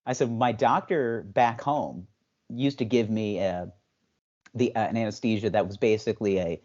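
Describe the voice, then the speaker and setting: A young adult man co-hosting a podcast, telling a story in casual chat and jumping into high voices for the people he quotes. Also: normal speed, a little mellow. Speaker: podcast co-host. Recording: slightly dull, lo-fi sound.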